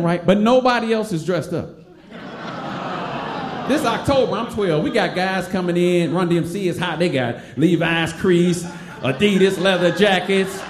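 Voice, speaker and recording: Animated storytelling man, echoey stage. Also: high voice. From Detroit. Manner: animated, acts out voices, laughing. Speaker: stand-up comic telling a story.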